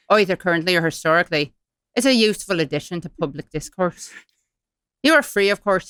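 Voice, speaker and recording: A woman's voice: fairly low pitch, a bit bright, clear, resonant tone, no room sound, clean studio sound, natural voice. A woman putting on an Irish accent to read out a stern male editor's formal letter. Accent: put-on Irish. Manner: mock-formal, reading aloud.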